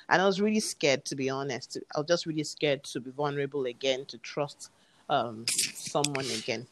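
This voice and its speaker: A woman's voice: a bass voice, normal speed, no echo. A woman, earnestly retelling a personal story and acting out the dialogue. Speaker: guest telling her story.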